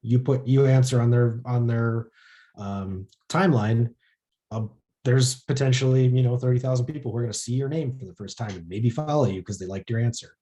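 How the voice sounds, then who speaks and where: A man with a mellow, rounded voice runs an informal workshop for a small group. He talks loosely and easily, filling his sentences with casual filler words as he explains. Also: mid-range voice, a little fast. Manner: relaxed, lots of filler words. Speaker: social media workshop presenter.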